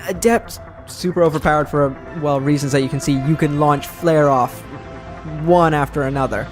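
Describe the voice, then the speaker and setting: A man's voice: on the high side, moderate pace. A man casually commenting as he plays a video game, chatty and self-deprecating, with game music behind him. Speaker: let's play host. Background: game music and sound.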